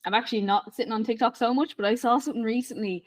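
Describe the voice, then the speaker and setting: A woman's voice: a little high, racing, no room sound. An Irish woman chatting as a podcast guest, candid and chatty, full of fillers. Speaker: podcast guest, business mentor. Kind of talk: casual podcast conversation.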